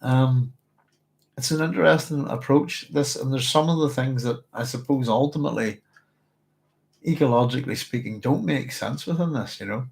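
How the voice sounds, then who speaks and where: A man hosting a relaxed book discussion, his voice sitting at an ordinary middle pitch. He wanders through his thoughts, stops to correct himself and fills gaps with an easy "um". Half reading, half chatting. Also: normal speed, gravelly. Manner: thoughtful, rambling, with frequent fillers and self-corrections. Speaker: book club host. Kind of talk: casual book discussion with read-aloud passages.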